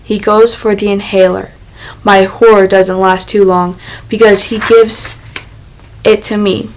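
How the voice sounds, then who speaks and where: A woman narrating a first-person young adult novel in a measured, unhurried reading voice. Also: medium pitch, flat delivery, slight background noise, rough recording. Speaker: audiobook narrator.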